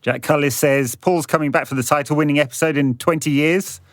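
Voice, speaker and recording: Male co-host, sardonic and deadpan, lightish voice, dead-dry studio sound. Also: a little high, a little fast, no echo. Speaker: podcast co-host reading listener questions. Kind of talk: casual podcast chat.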